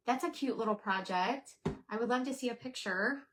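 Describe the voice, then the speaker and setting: A woman's voice: a little high, normal speed, noisy background. A woman hosting a casual crafting livestream, chatting away and thinking aloud as she works and answers her viewers. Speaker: craft channel host.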